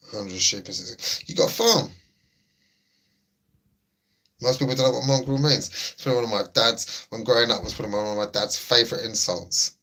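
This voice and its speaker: With a low-ish voice and a sharp tone, a young livestream host chats in a relaxed way, joking around while reading out messages from his viewers.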